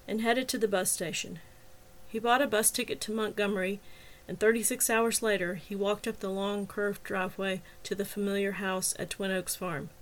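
A woman reading a serialized mystery story aloud as narrator and host, lifting her voice slightly for the characters. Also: medium pitch. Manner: reads dialogue with lightly lifted voices for characters. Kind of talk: scripted audiobook narration.

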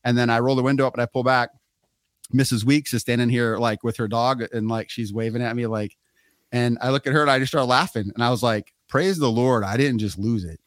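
A man's voice: mid-range voice, quick pace, no echo. Middle-aged guy spinning a story, acts out the voices, dry close sound. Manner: animated storyteller acting out quotes. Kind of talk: casual storytelling chat.

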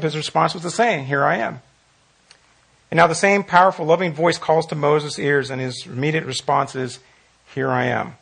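Gravelly-voiced man teaching Bible study. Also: on the high side. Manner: earnest, repeats phrases for emphasis. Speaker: pastor leading Bible study.

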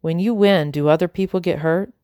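A woman reading aloud, voicing an upset young boy who pleads with and shouts at his father. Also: lowish voice, a little fast, no echo, studio quality, close to an everyday voice. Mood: pleading.

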